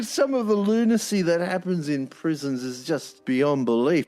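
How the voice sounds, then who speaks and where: A man's voice: fairly high pitch, measured pace, few pauses, darkish tone, faint music behind. A man, a former prison officer telling stories bluntly, swearing freely, with wry humor. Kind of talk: anecdotal storytelling.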